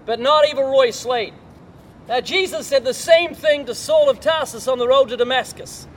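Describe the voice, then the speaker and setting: A man's voice: very high voice, a bit bright, slight background noise. An older man preaching a sermon, telling a story and putting rhetorical questions to the listener.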